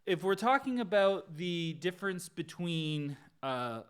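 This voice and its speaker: A man's voice: high-pitched, big pitch swings, measured pace. A man casually breaking down one of his songs, talking it through and singing lines on guitar. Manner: chatty, self-interrupting, breaks into singing lines. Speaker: songwriter teaching his own song.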